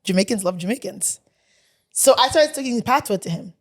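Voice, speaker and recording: A woman's voice: medium pitch, lively intonation, brisk. Young woman co-host, chatty storyteller who acts out every quote with laughs. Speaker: podcast co-host. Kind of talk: casual storytelling chat.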